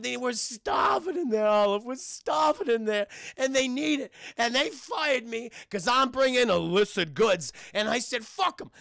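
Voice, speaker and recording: A man voicing a shifty male penguin street hustler who pushes his wares with fast, swearing sales patter. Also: very high-pitched, creaky, bright, forceful tone, dry recording, exaggerated voice.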